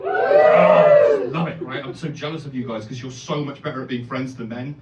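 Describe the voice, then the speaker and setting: A man doing an animated stand-up set, swearing and breaking into loud exclamations. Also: mid-range voice, moderate pace, highs cut off, a little hiss or hum. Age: 30s. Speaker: stand-up comedian. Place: comedy club stage. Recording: echoey club heard from a distance. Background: audience laughter.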